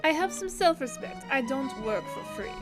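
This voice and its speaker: Woman voicing a snobbish troll artiste, mock French accent, drawling, haughty, highish voice. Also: expressive, moderate pace, over music. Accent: attempted French. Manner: drawling, haughty, self-important. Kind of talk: live fan dub.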